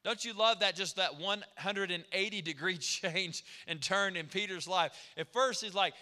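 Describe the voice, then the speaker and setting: A man preaching a sermon as pastor, animated and quick to act out the people he quotes. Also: sits high. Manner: animated, acts out quoted voices. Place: church sanctuary. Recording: long church hall reverb.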